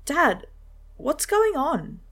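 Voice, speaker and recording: A woman voicing a frightened teenage son who speaks in a soft, shaky, pleading way in a spoken story. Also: sits high, huge pitch swings, drawn-out words, voice pushed up, exaggerated voice.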